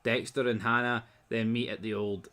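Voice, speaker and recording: Bright-voiced man, blunt and sweary. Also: mid-range voice, flat delivery, normal speed. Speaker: TV episode reviewer. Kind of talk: casual recap and review.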